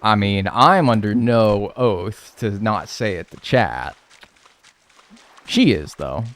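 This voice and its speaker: A young streamer with a Pittsburgh accent rambles through jokey stories as he plays. His voice sits low, yet it swings widely up and down in pitch. He talks in a loose, casual way and breaks into silly put-on voices. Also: lively intonation, takes it slowly, a bit bright, faint music behind. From Pittsburgh area, US. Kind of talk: casual stream chat while gaming.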